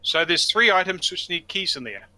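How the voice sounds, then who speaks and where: A man's voice: high-pitched, animated, moderate pace, pushed and bright, slight background noise, low-quality recording. A man playing in a tabletop game, asking practical questions in casual chat. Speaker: player.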